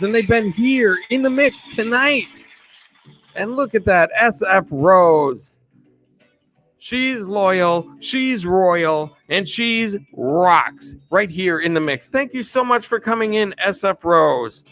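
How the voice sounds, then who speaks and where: A man's voice: high voice, fairly bright tone. A man hosting a live stream, greeting viewers by name in an upbeat, chatty way and laughing often. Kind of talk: casual live stream shout-outs.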